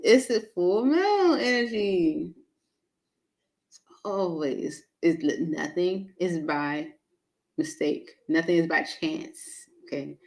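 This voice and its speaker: A woman's voice: lowish voice, rough recording. Chatty, laughing tarot-reading woman. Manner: chatty, laughs often, talks to viewers by name. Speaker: tarot reader hosting a live stream. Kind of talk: casual live tarot reading.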